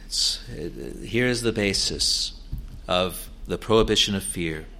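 A man preaching a sermon in an earnest, halting way, with many fillers and restarts, rising to emphatic declarations. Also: sits low, pushed and bright, slight background noise.

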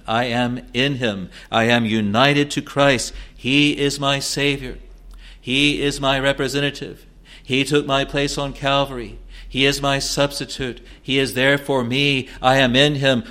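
Male preacher, mid-pitched, expository sermon, repeats phrases, hushed lows to insistent highs. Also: little pitch movement, measured pace. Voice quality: quotes scripture in old wording, repeats phrases for emphasis. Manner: swings between hushed, low passages and rising, insistent declarations.

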